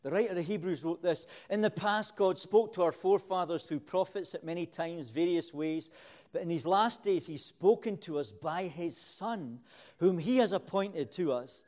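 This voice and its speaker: A man preaching with a high voice. He moves from hushed, intimate lines to loud, ringing declarations and hammers key phrases through repetition. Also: moderate pace. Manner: builds from quiet to loud, repeating phrases. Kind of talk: sermon.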